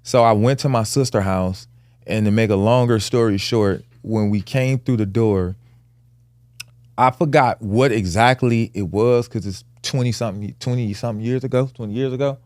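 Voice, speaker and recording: A man's voice: on the low side, normal speed, a little mellow, dry recording. A man in his forties, a podcast co-host, telling a personal family story in casual with earnest emphasis. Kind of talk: candid conversational storytelling.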